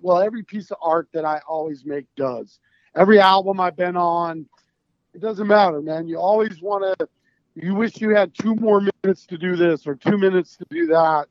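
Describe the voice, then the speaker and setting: A man's voice: high-pitched, dry recording, muffled recording. A man being interviewed as a band founder, talking in a rambling, emphatic way with plenty of swearing. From United States. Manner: rambling, emphatic and profane, with restarts. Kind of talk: casual podcast interview.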